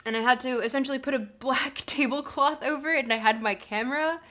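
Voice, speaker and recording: A woman's voice: high-pitched, brisk, sharp tone, soft background music. A young woman streaming live, chatting casually, bubbly and giggly as she gushes thanks to her viewers. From Canada.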